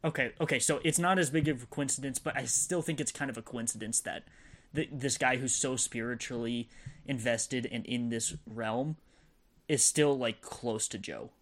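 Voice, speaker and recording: An easygoing young man co-hosts a casual podcast and talks over a film with his friends. He pokes fun at himself now and then. His voice sits at an ordinary middle pitch. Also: moderate pace, fairly bright tone. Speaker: podcast co-host. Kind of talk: casual movie review chat.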